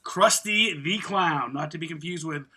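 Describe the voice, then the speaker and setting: A man's voice: a little high, moderate pace, bright, forceful tone, slightly rough. A man hosting a casual podcast, announcing tournament brackets playfully and chatting with co-hosts. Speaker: podcast host.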